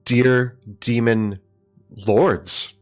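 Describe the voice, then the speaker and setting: A man playing a bold summoner in a tabletop game, speaking in a measured way. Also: medium pitch, fairly even intonation, faint music behind. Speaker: player. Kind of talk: in-character tabletop role-play.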